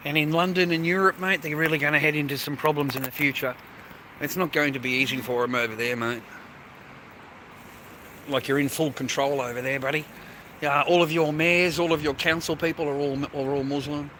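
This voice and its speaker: A young Australian man livestreams from a city street, chatting to viewers in a laddish, sweary way. His voice is fairly high and fairly even, and he talks fairly quickly. The rough recording is full of loud traffic and street ambience.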